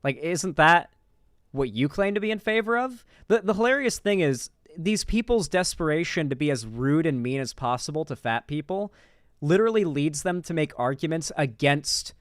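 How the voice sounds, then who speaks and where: A man's voice: fairly high pitch, lively intonation, moderate pace, dry recording, studio quality. A man giving casual reaction commentary on a clip, talking in a loose, profane and incredulous way. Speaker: political commentary streamer.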